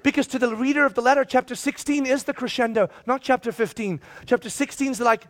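A man's voice: extremely high pitch, fast talker, hardly any pauses. A man preaching a sermon who talks conversationally and acts out the voices of biblical figures. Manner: conversational, frequent restarts. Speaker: pastor. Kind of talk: expository sermon.

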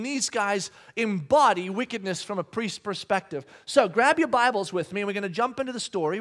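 A man in his thirties preaching a sermon, telling stories in a lively, conversational way and acting out the dialogue. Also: high voice. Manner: animated storytelling, acting out quoted dialogue; conversational with many restarts. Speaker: pastor.

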